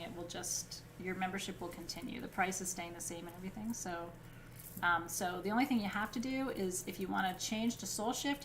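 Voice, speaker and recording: A woman teaching a live class on crystals and chakras. She talks in an informal, chatty way, fills pauses with "um", keeps checking in with "right?", and laughs easily between points. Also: on the low side, slight background noise. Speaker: spiritual teacher.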